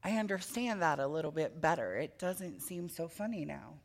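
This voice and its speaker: Woman pastor with a gravelly edge, animated storyteller for a children's sermon, engaging young listeners with questions. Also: sits low, normal speed. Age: adult with children. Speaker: preacher.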